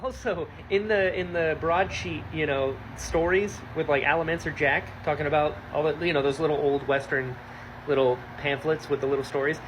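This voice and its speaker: A man hosting a casual book reaction vlog, excitable and gushing, thinking aloud with lots of rhetorical questions. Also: on the high side, normal speed, slight background noise, poor audio.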